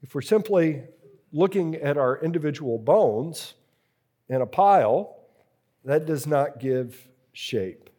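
A man teaching a preaching workshop to a live group, slow and deliberate, repeating key phrases as he works through a drawing. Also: on the high side, lively intonation, mellow, breathy edge.

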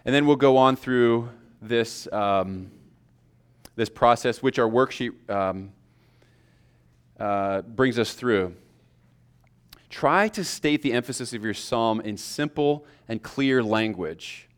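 A man teaching sermon preparation to a class. He talks in a loose, conversational way, full of fillers and restarts. His voice sits at an ordinary middle pitch for a man. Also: takes it slowly, smooth. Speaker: preaching instructor.

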